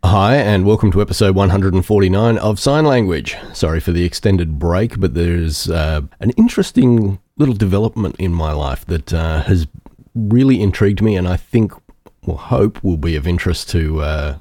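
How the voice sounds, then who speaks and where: A man with a low, deep voice hosts a podcast in a relaxed, chatty way. He reads a listener's essay aloud and drifts into his own asides, with frequent "uh" fillers. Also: moderate pace. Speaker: podcast host. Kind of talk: casual podcast talk and reading a listener's essay.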